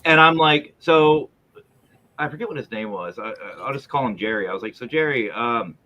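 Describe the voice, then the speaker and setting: A man co-hosting a casual paranormal chat show, telling stories in an animated way, acting out quotes and swearing freely. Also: mid-range voice, a little fast, highs cut off. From San Diego area.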